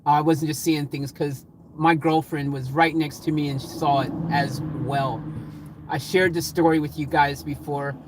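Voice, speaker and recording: A man chatting casually on a livestream, reading out chat comments and rambling excitedly with frequent laughter. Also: fairly high pitch, normal speed, background noise.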